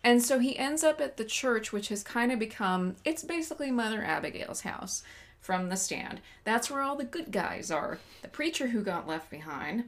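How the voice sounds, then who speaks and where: A woman's voice: fairly high pitch, lively intonation, normal speed. A woman co-hosting a casual podcast chat, recapping a movie plot with sarcastic asides. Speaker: podcast co-host reviewing a movie.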